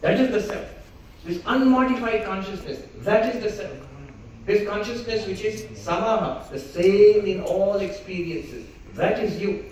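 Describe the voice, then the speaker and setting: A man with a Bengali accent gives a spiritual lecture, teaching in a calm yet emphatic way and returning to key phrases again and again. His voice sits a little high and is heard from far off, with heavy echo filling the hall and a faint hum of noise behind him. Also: a little slow. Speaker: monk giving a spiritual talk. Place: hotel event hall.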